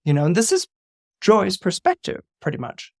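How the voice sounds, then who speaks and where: A man, a guest astrologer on a podcast, retelling a film in casual, animated storytelling with laughs and restarts. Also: high voice, normal speed, dry recording, clean studio sound.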